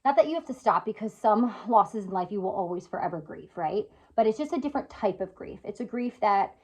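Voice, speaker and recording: A woman's voice: medium pitch, expressive, fairly quick, a little mellow. A woman in her thirties talking earnestly and casually to camera at home, often checking in with "right?" and "you know". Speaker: vlogger. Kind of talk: casual heartfelt talk to camera. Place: at home indoors by a window.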